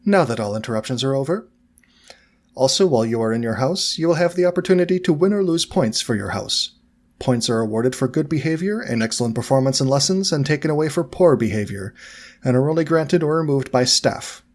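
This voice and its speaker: A man's voice: medium pitch, animated, brisk, lightly acted. A man voicing a stern, imperious older woman teacher giving formal instructions in a storybook reading. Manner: crisp, formal, stiff.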